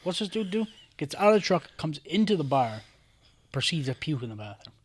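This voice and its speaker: A man co-hosting a podcast, chatting casually and telling stories in an animated, profane way. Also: a little high, fairly quick, slightly rough, dry recording. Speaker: podcast co-host. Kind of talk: casual chat.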